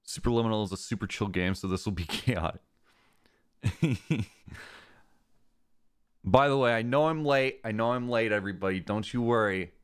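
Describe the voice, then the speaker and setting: Deadpan rambling young man streamer. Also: fairly low pitch, moderate pace, pauses often, smooth. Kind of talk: casual gameplay chat.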